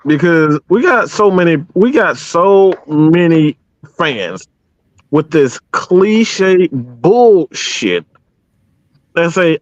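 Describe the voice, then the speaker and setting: A man's voice: on the high side, very animated, very slow, dull audio. A man co-hosting a live stream, ranting heatedly with lots of profanity and stammered restarts. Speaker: podcast co-host.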